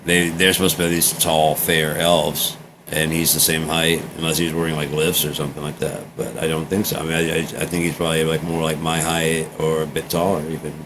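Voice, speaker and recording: A man's voice: extremely low pitch, little pitch movement, a little fast, background noise. An American man talking casually in a meandering, drifting monologue, trailing off and jumping between topics. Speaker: vlogger recording a personal journal.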